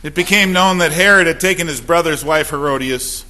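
A man's voice: on the high side, brisk, pushed and bright. A man preaching a sermon as a pastor, emphatic and full of rhetorical questions.

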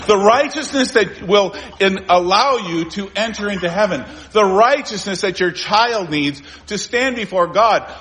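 Man, pastor, emphatic sermon delivery, slightly high pitch, urgent peaks and hushed dips. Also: a little hiss or hum. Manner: emphatic preaching with rhetorical questions; swings between raised, urgent lines and low, quiet ones.

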